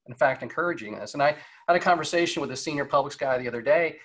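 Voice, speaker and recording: Speaking very fast, this man in his forties has a voice on the high side with a slight brightness. He's a guest speaker on leadership, delivering a loose, conversational motivational talk by video call, full of fillers and rhetorical questions.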